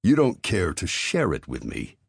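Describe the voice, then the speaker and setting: A man's voice: deep voice, wildly swooping pitch, a little slow, vocal fry, slightly rough, no room sound, heavily acted. A man voicing a stern male army major who interrogates a soldier in clipped, commanding questions.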